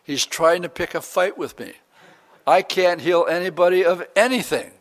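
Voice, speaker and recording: A panicky, suspicious king, as a preacher puts him on, alarmed and defensive. The voice is pitched somewhat high for a man and pushes up into worry. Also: moderate pace, close to an everyday voice.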